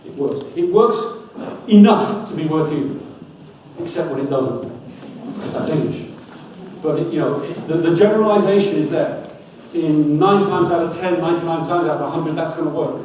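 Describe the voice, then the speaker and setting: Energetic man speaking in an echoey hall. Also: fairly high pitch, moderate pace, distant mic. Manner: energetic, coaxing the audience, wry asides. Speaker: dyslexia trainer giving a talk. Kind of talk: lively public talk with audience activities. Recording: echoey hall, speaker off-mic, faint room hum.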